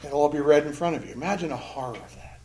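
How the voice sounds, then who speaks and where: A man delivers a sermon in a fairly high voice. His tone is earnest and emphatic, and he presses hard on the phrases he wants to land. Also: quick pace, a little mellow, a little hiss or hum. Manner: earnest, emphatic preaching with rising intensity on key phrases. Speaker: pastor.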